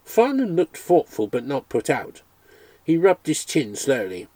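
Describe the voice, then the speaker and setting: A man reading a memoir aloud as a storyteller, expressive and engaged. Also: medium pitch, unhurried, no echo. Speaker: audiobook reader.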